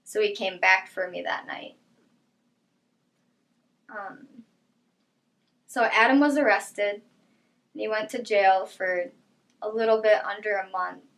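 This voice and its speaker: A young woman speaks in an interview, recounting a personal story. Her voice sits at an ordinary mid pitch. She talks quietly and haltingly, often letting her phrases trail away. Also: poor audio. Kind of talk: personal testimony.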